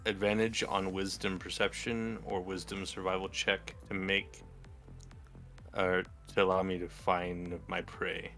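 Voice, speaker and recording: A deep-voiced man talks through his turn in a tabletop game and checks the rules carefully as he goes. Faint music plays behind him. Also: level tone, unhurried, pushed and bright. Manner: asks careful rules questions. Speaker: player. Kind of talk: casual tabletop play.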